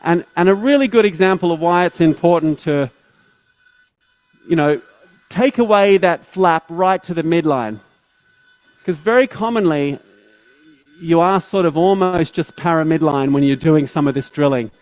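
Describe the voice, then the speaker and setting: Male surgeon narrating a live procedure, chatty step-by-step teacher, bright-ish pitch, dry sound. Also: moderate pace, pauses often, no room sound, low-quality recording. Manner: explains step by step, with tag questions and restarts. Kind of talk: live surgical teaching commentary.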